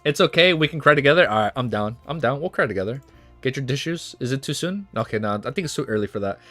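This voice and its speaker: A man livestreaming, chatting casually and reading aloud, excitable and laughing often, saying "dude" a lot. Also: medium pitch, fast talker, no echo, faint music behind.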